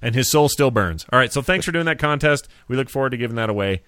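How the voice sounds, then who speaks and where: A man hosting a casual chat show, joking and rambling in an animated way. His voice sits at an ordinary middle pitch and sounds dry and close, with no room around it. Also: fast, no echo. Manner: animated, jokey, rambling with restarts. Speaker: podcast host.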